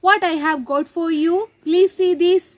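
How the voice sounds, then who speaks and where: A woman's voice: very high voice, steady tone, normal speed, no room sound, pitched above the performer's own voice. A woman voicing a hungry, sly male wolf in a storybook reading, coaxing and sweet-talking.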